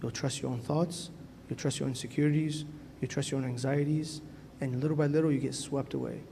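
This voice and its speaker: Earnest priest preaching in an echoey church. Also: male voice, medium pitch, steady tone, brisk, gravelly, mellow. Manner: earnest and conversational, often asks "right?". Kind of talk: sermon to a youth gathering. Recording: echoey church hall, faint noise.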